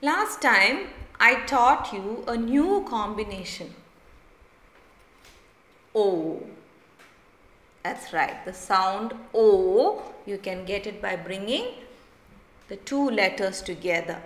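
A woman teacher, slowly sounding out and repeating words in a phonics lesson for young children. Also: mid-range voice, lively intonation, a bit bright. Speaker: primary school teacher. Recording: echoey room.

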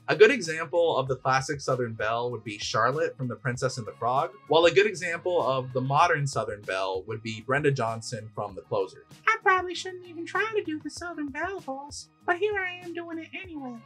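A man's voice: mid-range voice, slightly rough. A man hosting a channel, narrating a scripted video essay. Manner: lively, explanatory. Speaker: YouTube host.

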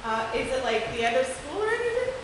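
A young woman chats encouragingly with children, then reads a picture book aloud in a church service. Her voice is high and very animated. It rings through a very echoey sanctuary with audible background noise. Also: quick pace. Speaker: children's time leader. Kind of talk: children's message and storybook reading.

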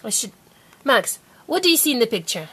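A woman teaching a child to read at home, speaking slowly and clearly and coaxing him to repeat words. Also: a little high, sing-song, a bit bright. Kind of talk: patient phonics lesson.

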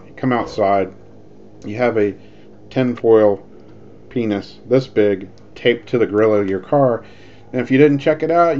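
A man casually telling a story on his vlog, rambling and animated as he acts out the quoted lines. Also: medium pitch. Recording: dull lo-fi sound with faint noise.

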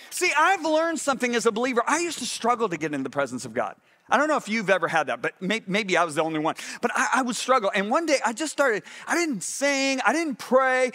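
A male pastor delivering a lively sermon in a high, bright voice. He swings from loud, excited exclamations down to low, intense emphasis, addressing the congregation directly from a stage microphone.

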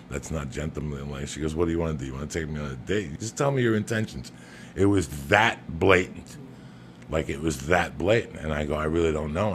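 A middle-aged man from New Jersey with a Jersey accent, telling brash, profane stories on a podcast. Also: very deep voice. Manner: brash, profane, bursts into loud laughing shouts. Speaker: podcast host. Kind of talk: casual storytelling. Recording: noisy room ambience.

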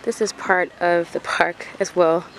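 A woman vlogging outdoors in a city park, chatting casually in an animated, storytelling way. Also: lowish voice, a little slow. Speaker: travel vlogger. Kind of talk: casual vlog chat.

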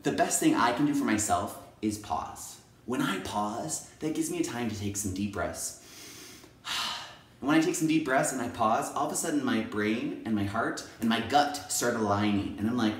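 A man who teaches kindergarten, talking to camera in an energetic, playful and emphatic way. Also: mid-range voice, moderate pace. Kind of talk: enthusiastic video talk to camera. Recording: echoey room, mic at a distance.

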